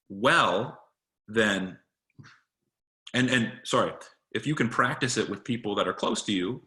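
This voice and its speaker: A man's voice: on the low side, pushed and bright. A man coaching presentation skills in a casual, conversational talk, often restarting his sentences. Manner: conversational, with frequent restarts and fillers.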